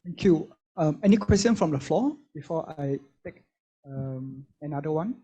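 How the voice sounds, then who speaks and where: Guy moderating a panel q&a, brisk short cues, mellow tone, kinda high voice. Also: animated, breathy edge, lo-fi sound.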